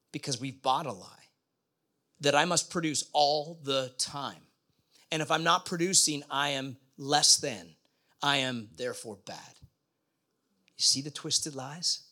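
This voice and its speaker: Bright-voiced middle-aged pastor preaching. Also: male voice, a little high. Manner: conversational, asks the congregation questions. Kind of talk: sermon.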